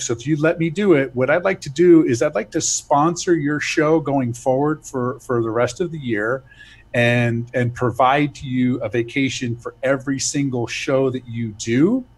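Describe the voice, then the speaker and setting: A man being interviewed as a guest, speaking in a halting way and repeating words as he restarts. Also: mid-range voice, slightly rough. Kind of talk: casual interview talk.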